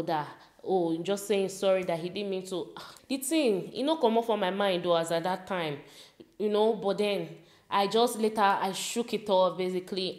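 A young Nigerian woman with a Nigerian accent, telling a school story in an animated, casual way and slipping into pidgin. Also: on the low side, reverberant. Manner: animated, mixes in pidgin, laughs while telling. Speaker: vlogger.

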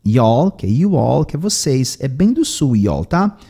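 Mellow Brazilian man translating a lesson. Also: medium pitch, very animated, normal speed, gravelly, slightly rough. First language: Brazilian Portuguese. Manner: translates line by line, tags phrases with "tá?". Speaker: English teacher and host. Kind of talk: bilingual lesson, translating into Portuguese.

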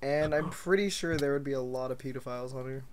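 A man playing a game with friends, excitable, laughing often and putting on goofy voices. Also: medium pitch, quick pace, a crowd in the background. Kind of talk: casual gaming chat.

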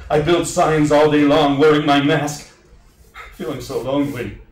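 A man's voice: fairly high pitch, steady tone, unhurried, close to an everyday voice. A man playing Macduff, a grief-crazed immortal Scottish warrior, in a melodramatic stage monologue, recorded on a theater stage. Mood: mournful. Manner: melodramatic, swings into shouted outbursts. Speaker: actor in a staged reading. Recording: roomy, distant mic.

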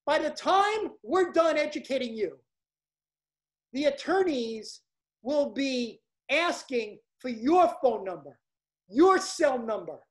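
A woman with a Brooklyn accent giving an emphatic, hyped-up seminar sales pitch as a coach. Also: darkish tone.

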